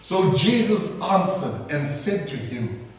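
Brief: male preacher, high voice, slow and dramatic sermon delivery, echoey church hall, mic far off. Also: sing-song. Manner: emphatic, dramatic storytelling that acts out the people in the story.

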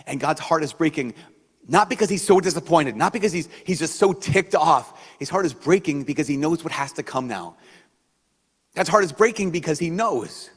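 Conversational priest in a big hall. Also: male voice, on the high side, slightly rough. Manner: conversational, animated, acts out quoted voices. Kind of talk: sermon. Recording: long hall reverb.

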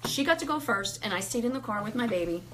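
A woman in her thirties sharing a personal faith testimony in casual conversation, animated, acting out quotes and laughing often. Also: on the high side, quick pace.

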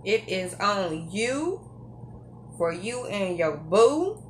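A woman's voice: mid-range voice, sing-song, extremely slow, a little hiss or hum. A woman hosting her own cooking channel, chatting casually as she cooks and drawling in a homey country voice.

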